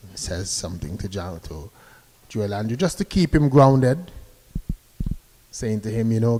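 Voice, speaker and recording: A man giving live cricket commentary, chatty and relaxed, sending greetings to listeners between deliveries. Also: on the low side, measured pace, long pauses, a little hiss or hum.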